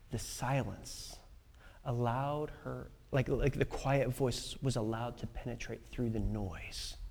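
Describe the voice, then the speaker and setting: A man preaching a sermon, swinging between loud emphatic lines and hushed, near-whispered passages. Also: on the high side, long reverb tail. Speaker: pastor.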